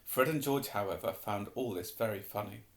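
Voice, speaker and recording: A man reading a novel aloud as an audiobook, steady and unhurried. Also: on the low side. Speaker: reader. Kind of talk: audiobook narration. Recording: roomy echo.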